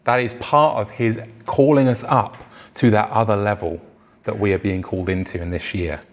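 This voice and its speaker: A male pastor preaching in church in a plain, conversational way. He slips into character for the quoted voices in his stories, then returns to an even, everyday tone. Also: on the low side, normal speed. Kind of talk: sermon.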